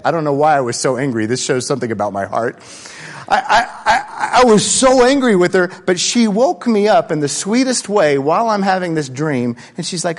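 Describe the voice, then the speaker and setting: Animated male pastor in a reverberant hall. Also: a little high, normal speed. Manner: animated, swinging from loud to hushed. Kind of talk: sermon.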